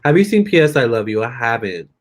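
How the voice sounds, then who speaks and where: A young man chatting casually with viewers during a live stream, expressive and talking straight to his audience. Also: medium pitch, quick pace. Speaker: live-stream tarot reader.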